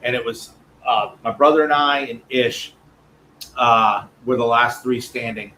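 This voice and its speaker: A man with a mid-range voice tells animated stories as a guest in a casual interview, acting out what others said. Faint noise hums underneath. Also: mid-range voice, unhurried, poor audio. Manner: animated anecdotes with quoted voices. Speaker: guest, cigar company owner. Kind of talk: casual interview chat, storytelling.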